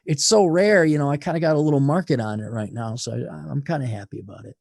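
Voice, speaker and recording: A man being interviewed on a podcast, blunt and profane, swinging from loud rants to low asides. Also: fast, gravelly, background noise. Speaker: podcast guest.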